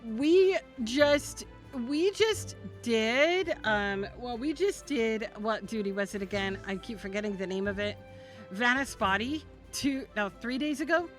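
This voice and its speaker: A woman's voice: a little high, animated, a little slow, faint music behind. A woman streaming a game live, chatting playfully with her viewers, giggling and stumbling over her words as she talks to them by name.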